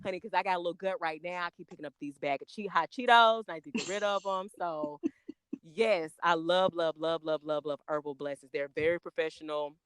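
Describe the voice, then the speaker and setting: A woman, chatting as a guest on a podcast, excitable and talkative, spelling out names letter by letter. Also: low-pitched, brisk, clear, resonant tone, no room sound. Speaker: podcast guest, makeup artist. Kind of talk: casual podcast chat.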